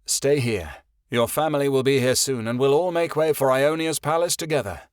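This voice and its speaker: A man voicing an older high priest and grandfather who speaks steadily and kindly, firm when challenged. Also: steady tone, moderate pace, no room sound, clean studio sound, natural voice. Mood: steady.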